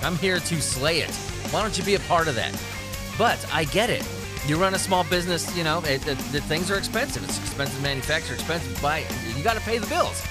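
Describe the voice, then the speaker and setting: A man's voice: on the high side, quick pace, loud music behind the voice. A man hosting a podcast in casual, crude, joking chat, recovering from an illness and prone to coughing fits. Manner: lively, crude, joking, laughs a lot. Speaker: podcast host.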